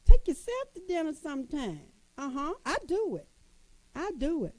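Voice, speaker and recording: A woman in a casual motivational talk to women, folksy and lively, calling her listeners sisters. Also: high-pitched, moderate pace, dry recording, rough recording.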